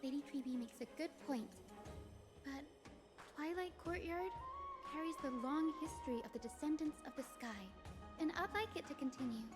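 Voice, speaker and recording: Polite, formal young lady in a game, high voice, voiced by a woman. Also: normal speed, over music, lightly acted. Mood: earnest.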